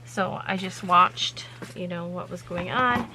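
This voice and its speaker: A woman's voice: fairly low pitch, a little slow, background noise. A woman hosting her own vlog, telling a story in a rambling, chatty way with lots of loose fillers. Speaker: vlog host.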